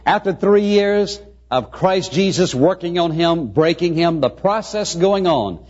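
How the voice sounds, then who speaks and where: A man preaching a sermon, swinging between quiet asides and emphatic rising lines. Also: on the high side, expressive, a little slow. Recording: dull lo-fi recording.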